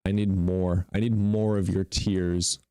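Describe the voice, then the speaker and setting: Young male streamer, low mellow voice, sneering and taunting, dry close sound. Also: level tone, measured pace, clean tone, no room sound. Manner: taunting and mocking, swears, bursts into laughter. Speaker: streamer hosting call-in debates. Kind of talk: livestream debate with chat.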